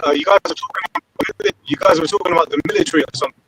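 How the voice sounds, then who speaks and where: A man's voice: a little high, very animated, racing, pushed and bright, a little hiss or hum, poor audio. A man with a southern English accent chatting casually on a live call, swearing freely between laughs. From Britain. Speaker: participant in open discussion.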